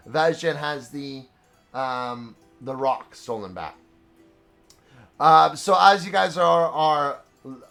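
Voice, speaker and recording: A man's voice: a little high, gravelly, fairly bright tone. A man narrating a tabletop game as game master, casual and hesitant. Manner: casual, hesitant with fillers and laughs.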